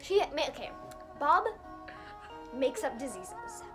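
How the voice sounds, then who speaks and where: A woman's voice: high voice, very animated, slow, music in the background. A young woman telling a storytime vlog in casual chat, rambling with many fillers and acting out what people said. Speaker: vlogger.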